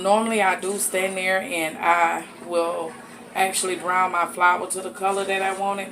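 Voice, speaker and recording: Woman hosting a home cooking show, lowish voice, chatty, folksy, some noise behind her. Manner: folksy, chatty, addresses viewers as y'all and honey. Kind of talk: casual cooking demonstration. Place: home kitchen. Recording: audible background noise.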